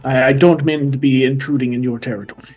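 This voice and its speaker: A man putting on a polite, halting voice for his stranded character, who stammers as he asks for help. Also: mid-range voice, fairly even intonation, a little mellow, breathy edge, soft background music, natural voice. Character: polite stranded young man asking wolves for directions.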